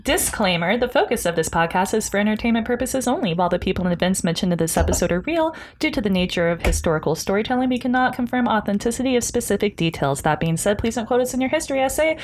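Lively, chatty woman podcast host. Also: medium pitch, fast talker, few pauses, slight background noise. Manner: chatty, giggly, storytelling with lively swings. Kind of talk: casual chat.

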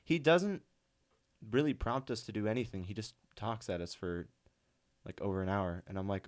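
A man's voice: fairly low pitch, moderate pace. Laid-back young man, casual chat. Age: 20s. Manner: laid-back, drawling, filler-heavy. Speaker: podcast co-host. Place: podcast studio.

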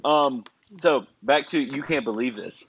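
A man's voice: mid-range voice, a little slow, fairly bright tone, slight background noise. A man, co-hosting a casual show, reading listener jokes and laughing at his own puns. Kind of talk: casual radio-style chat. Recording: dull lo-fi audio.

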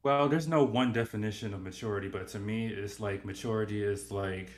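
A man co-hosting a casual podcast, speaking softly and hedging his words with lots of "like". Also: on the low side, fairly quick, roomy sound. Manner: soft-spoken, hedging with "like".

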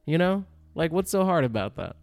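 A man hosting a podcast, telling a casual story in a rambling, animated way, full of fillers and checks like "all right?". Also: a little high, a little fast. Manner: animated, exaggerated retelling. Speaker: podcast host.

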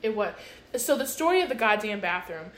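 A woman's voice: medium pitch, big pitch swings, fairly quick. Exasperated swearing young woman. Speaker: podcast co-host. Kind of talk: casual storytelling chat. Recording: echoey room with faint noise.

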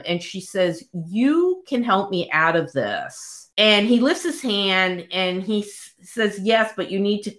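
A woman's voice: medium pitch, fairly bright tone. A woman hosting a casual chat who recaps a book in a wry, exasperated way, with laughing asides. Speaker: podcast host reviewing a book.

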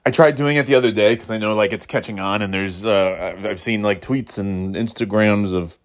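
A man's voice: on the low side, moderate pace. Rambling man chatting casually. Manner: rambling, many fillers and restarts, jokey asides; breaks into short mock catchphrase imitations. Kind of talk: casual solo chat.

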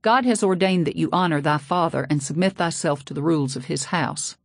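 A woman's voice: low voice, a little fast, vocal fry, no room sound, studio quality. A woman voicing a strict, controlling preacher father who speaks in cold, formal commands. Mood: stern.

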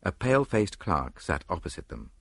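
Husky, animated male narrator. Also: sits low, dry recording, studio quality. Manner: measured first-person storytelling. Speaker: audiobook narrator. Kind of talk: scripted narration.

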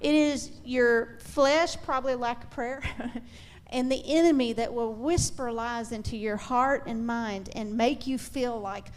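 A woman's voice: on the high side, a little slow. A middle-aged woman on a faith-based talk show, speaking earnestly and encouragingly to mothers, with frequent small restarts.

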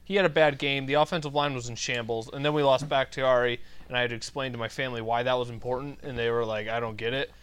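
A man's voice: medium pitch, fairly even intonation, fast talker, few pauses, fairly bright tone, clean tone. Laid-back man co-hosting a sports chat. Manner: laid-back, lots of "like" fillers. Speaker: podcast co-host.

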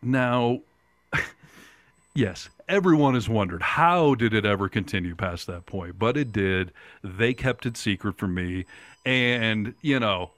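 A man's voice: lowish voice, takes it slowly, a bit bright, dry recording. A middle-aged man, a radio talk show host, telling a personal story in casual chat and acting out the voices of people he quotes.

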